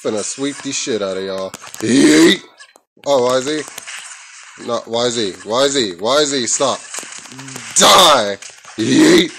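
A man's voice: medium pitch, expressive, slow pace, creaky, pauses often, fairly bright tone, slight background noise, low-quality recording. A young man recording his own gameplay at home on a headset mic, trash-talking, cussing and yelping as he plays. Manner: playful trash talk, cussing, sudden yelps. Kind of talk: casual gameplay commentary.

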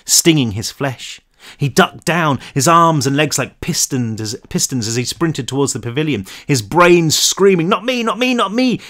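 Man reading a thriller aloud. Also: mid-range voice. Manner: tense, expressive storytelling. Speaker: author reading his own novel. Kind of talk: dramatic audiobook narration.

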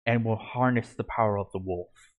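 A man voicing the wise oldest male wolf spirit, a guardian, in a storybook reading, speaking in a measured, reassuring way. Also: lowish voice, steady tone, phone-quality sound, natural voice.

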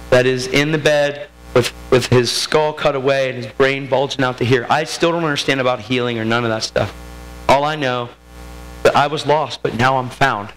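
A man preaching a sermon, telling a personal testimony with emotional intensity that builds toward near-shouting. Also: medium pitch, poor audio.

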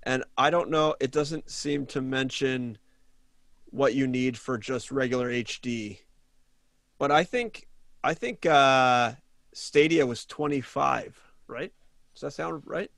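A man's voice: mid-range voice, slow, vocal fry, a bit bright, no room sound. A man co-hosting a podcast, musing and hesitant as he chats. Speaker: podcast co-host. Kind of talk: casual chat.

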